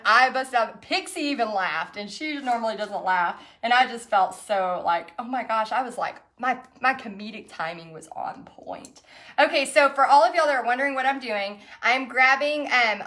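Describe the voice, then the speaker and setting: Chatty woman with a higher voice. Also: a bit bright. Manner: chatty storytelling with frequent laughs. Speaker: painting instructor hosting an online paint party. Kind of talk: casual chat while painting.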